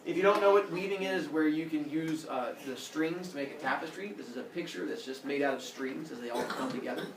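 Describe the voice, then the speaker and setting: A man's voice: a little high, fairly quick, hardly any pauses, background noise. A young man teaching a class, retelling myths in a playful way with sound effects and asides. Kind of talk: animated classroom storytelling. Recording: echoey classroom, camera far off.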